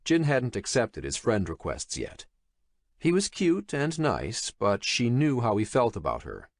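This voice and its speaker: A male narrator reading a thriller audiobook in a measured, expressive storytelling manner. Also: mid-range voice, no echo, clean studio sound. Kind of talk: scripted horror thriller narration.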